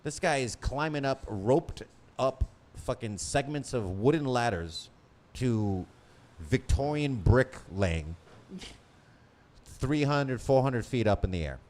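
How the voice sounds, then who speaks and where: Animated swearing podcast guy. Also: mid-range voice, slow. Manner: swearing, animated, jokey, trails off and restarts. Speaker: podcast co-host. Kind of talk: crude casual podcast banter.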